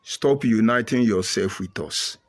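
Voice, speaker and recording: A man's voice: fairly low pitch, unhurried. A middle-aged man with a Nigerian accent, giving an impassioned, preachy monologue to viewers. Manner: emphatic, repetitive, preachy. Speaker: commentator.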